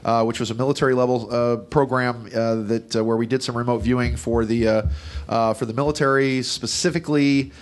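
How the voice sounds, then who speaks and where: A man's voice: mid-range voice, fairly even intonation, fairly quick. A man moderating a panel at an expo, joking and rambling with many "uh" fillers as he introduces the guests.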